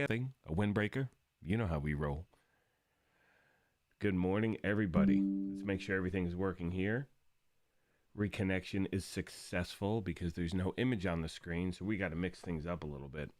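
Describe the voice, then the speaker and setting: A man hosting a gaming live stream in upbeat, casual chat, his voice raspy from the early morning. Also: deep voice, brisk, dry recording, clean studio sound. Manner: upbeat and chatty, greeting viewers.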